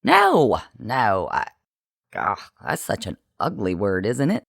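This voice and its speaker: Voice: mid-range voice, huge pitch swings, slow pace, vocal fry, a bit bright, dry recording, studio quality, pitched below the performer's own voice, full character voice. The narrator voicing a bossy, scheming woman who dresses up orders in corporate euphemisms.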